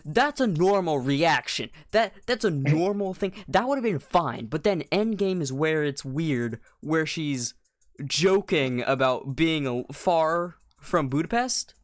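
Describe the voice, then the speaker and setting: A man's voice: on the high side, measured pace, no room sound. Young man rambling on a dry mic. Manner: rambling, restarts, slangy, animated when incredulous. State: voice cracking. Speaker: podcast co-host. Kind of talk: casual chat.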